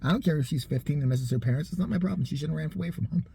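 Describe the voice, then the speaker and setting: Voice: mid-range voice, very fast, creaky, slight background noise. A tired person in their thirties telling a rambling, profane story in a casual vlog. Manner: profane, animated, tangent-prone. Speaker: storytime vlogger.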